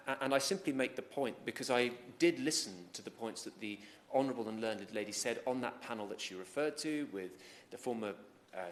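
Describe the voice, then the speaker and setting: A man, speaking as a government minister in a formal parliamentary speech, measured and courteous with occasional restarts. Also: fairly low pitch, fairly bright tone. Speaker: government minister answering a debate.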